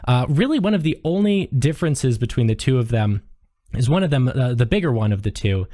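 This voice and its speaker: A man's voice: medium pitch, lively intonation, fairly quick, mellow, dry recording, studio quality. A man narrating a tabletop game as game master in a casual, loose way with many fillers.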